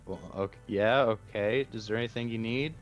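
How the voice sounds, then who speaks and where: A man's voice: fairly low pitch, moderate pace, highs cut off, soft background music, lightly acted. Priscilla, a man playing an earnest girl. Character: polite young girl Priscilla.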